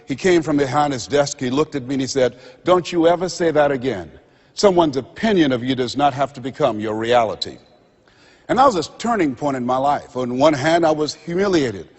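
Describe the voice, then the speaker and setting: An older man giving a motivational seminar speech to a live audience, preacher-like, with dramatic pauses and repeated phrases. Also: on the high side, husky. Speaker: motivational speaker. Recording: long hall reverb. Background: audience laughter.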